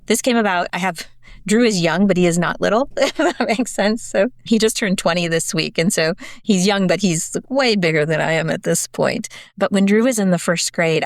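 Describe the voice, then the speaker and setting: A woman in her forties, a podcast guest, telling stories in a chatty, animated way with many "like"s and "sort of"s. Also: lowish voice, dry recording, clean studio sound. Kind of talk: conversational storytelling.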